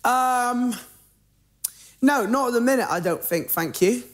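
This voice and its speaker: A woman's voice: fairly high pitch, expressive, unhurried. A woman speaks in a laid-back, hesitant way, full of ums. She chats easily as a reality show contestant. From England.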